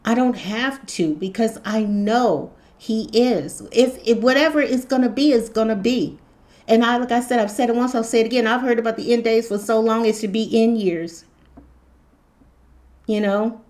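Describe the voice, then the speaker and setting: A woman's voice: fairly high pitch, a little mellow. Earnest rambling woman on spirituality. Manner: rambling, repetitive, earnest, laughs often. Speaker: spiritual tarot channel host. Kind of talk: casual spiritual monologue. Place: hot room indoors.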